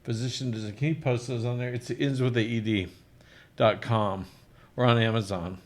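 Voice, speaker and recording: A man's voice: medium pitch, fairly even intonation, normal speed. A middle-aged male physician hosting a live Q&A, chatting casually and rambling with self-deprecating jokes. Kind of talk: casual live-stream chat.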